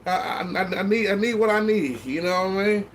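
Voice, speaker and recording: A man with a notably high speaking voice chats loosely to his viewers while tipsy. He rambles, trips over repeated words, and swears freely. A faint background hum sits under his talk. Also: fairly quick. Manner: rambling, stammering restarts, heavy swearing. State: tipsy from drinking. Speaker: vlogger. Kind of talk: casual live-stream chat to viewers.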